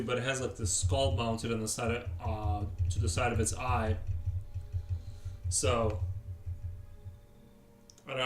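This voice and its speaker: A man sketches during a live stream, chatting casually and rambling as he answers viewers' chat. His medium-pitched voice comes through a distant, roomy mic with a little hiss or hum and faint music behind it.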